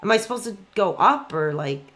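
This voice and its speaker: A man in his forties games on a live stream and chats casually, rambling excitably and getting worked up quickly. His voice is high-pitched.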